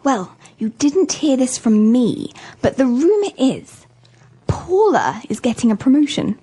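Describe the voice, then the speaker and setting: A woman playing a gossipy office worker in a learning dialogue, talking in a hushed, conspiratorial way with a breathy voice. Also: sits high, sing-song, a little slow, heavily acted.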